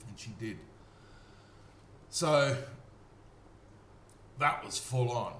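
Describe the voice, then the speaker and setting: An Australian man telling a story in a casual monologue, animated and acting out the voices of the people he quotes. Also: mid-range voice, very slow. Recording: echoey room with faint hum.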